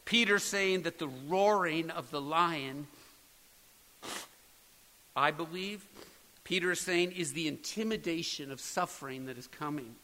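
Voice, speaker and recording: A man's voice: on the high side, a little slow, long pauses, pushed and bright, long reverb tail, poor audio. A man preaching a sermon, earnest and building to emphatic peaks. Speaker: pastor.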